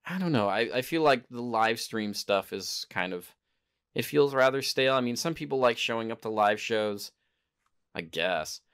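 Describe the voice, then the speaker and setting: Man, podcast host, casual solo talk, rambling, hesitant, self-correcting, clear smooth tone. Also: medium pitch, animated, moderate pace, a bit bright. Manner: rambling, hesitant, often correcting himself mid-sentence. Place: home in Japan.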